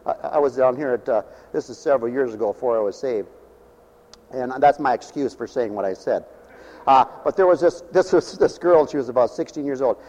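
A man's voice: medium pitch, expressive, a little fast, darkish tone, big-room sound, rough recording. A man preaching a folksy, off-the-cuff sermon, rambling and repeating himself, needling his listeners with rhetorical questions.

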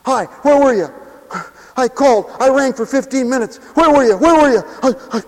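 A man's voice: very high voice, pitched above the performer's own voice. A man doing a fretting, clingy friend. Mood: nagging worried. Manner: nagging, rapid questioning. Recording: long hall reverb.

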